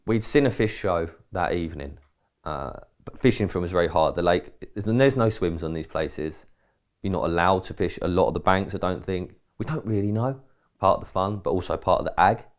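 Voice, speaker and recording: Deep-voiced man telling a rambling story. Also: moderate pace. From England. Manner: rambling anecdotes, lively quoted dialogue, mild swearing. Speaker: podcast co-host. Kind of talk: casual storytelling chat.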